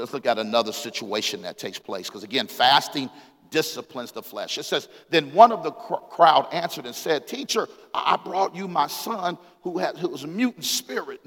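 A pastor in his forties preaches with a bright, forceful voice that sits a little high for a man. He calls out to the congregation, climbs to shouts, then drops low to read scripture. His voice rings through a church hall with a long reverb. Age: 40s. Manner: call-and-response preaching, rises to shouts, reads scripture aloud. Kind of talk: sermon.

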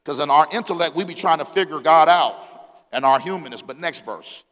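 A man in his forties preaching a sermon as pastor, calling out to the congregation, swinging between loud exclamations and quiet scripture reading. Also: fairly high pitch, expressive, fairly quick. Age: 40s. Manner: call-and-response preaching, rises to shouts, reads scripture aloud. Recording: long hall reverb.

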